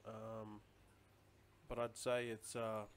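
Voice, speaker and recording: A man's voice: on the low side, completely flat delivery, takes it slowly, slight background noise. A man chatting casually on a live stream, rambling loosely and answering viewer comments as he goes.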